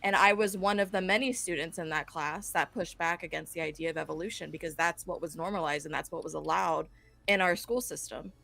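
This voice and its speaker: Low, gravelly young woman. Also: a little fast. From Ohio, US. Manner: relaxed, with lots of fillers. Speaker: panel guest. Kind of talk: casual online panel chat.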